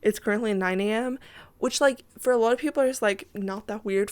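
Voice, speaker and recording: A woman's voice: a little high, moderate pace, darkish tone. A tired woman rambling in casual voice-over chat over a game build, apologetic and giggling often, talking from her PC at home. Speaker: Sims builder and YouTuber.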